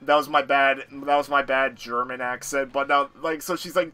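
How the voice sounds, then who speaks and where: A young man chatting casually with a friend, animated and excitable. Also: medium pitch, normal speed, faint music behind. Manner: animated, excitable, yells for effect. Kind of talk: casual chat.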